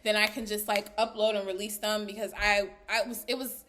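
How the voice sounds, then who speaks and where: A woman giving a casual, chatty recap of a reality show, animated and full of fillers, often breaking into laughs. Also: medium pitch, a little fast. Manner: laughs while talking. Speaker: recap vlogger.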